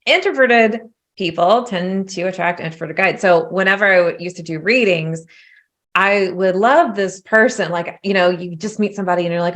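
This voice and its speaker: A woman's voice: lowish voice, moderate pace. A woman hosting a podcast as a spiritual business coach, chatting casually and acting out voices in her stories. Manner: animated, acts out voices in quotes. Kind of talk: casual interview chat.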